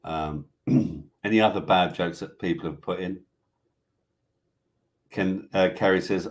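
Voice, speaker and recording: A man's voice: low-pitched, expressive, slow, pauses often. A British man hosting a casual live online show, reading out animal facts and viewer comments in a chatty, joking way. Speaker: host. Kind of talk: casual live-stream chat.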